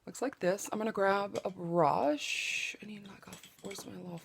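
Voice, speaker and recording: With vocal fry in her mid-range voice and a normal speed, a woman chats through a casual makeup tutorial from her home makeup table, window open, with slight background noise. She's a beauty vlogger from Southeast Oklahoma, US. She teases herself and whispers while applying products.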